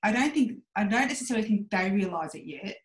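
Woman in her 40s on a podcast, candid and reflective, mid pitch, echoey room sound. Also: lively intonation, quick pace. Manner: frank and self-reflective, acting out her own inner voice. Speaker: podcast guest. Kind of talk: candid personal conversation.

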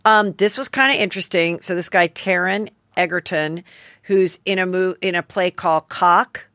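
A woman's voice: lowish voice, normal speed, a bit bright, dry recording, studio quality. A woman hosting a podcast, chatting about celebrity gossip in a rambling way with lots of fillers and self-corrections. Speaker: podcast host. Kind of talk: casual gossip chat.

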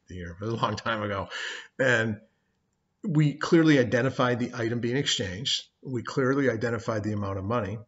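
Low-voiced middle-aged man lecturing. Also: fairly bright tone, dull audio. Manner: conversational, tells personal stories. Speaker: law instructor. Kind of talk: recorded lecture. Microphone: webcam.

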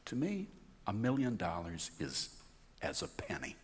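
A man voicing God as a laconic, offhand figure in a told joke, speaking dry, low and unhurried. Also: huge pitch swings. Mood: deadpan. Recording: long hall reverb, faint hiss.

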